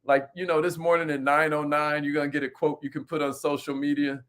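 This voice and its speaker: A man with a fairly high voice hosts a live coaching stream with energy. He repeats phrases and calls on viewers by name, speaking. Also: level tone, quick pace, fairly bright tone. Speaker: host of an entrepreneur live stream.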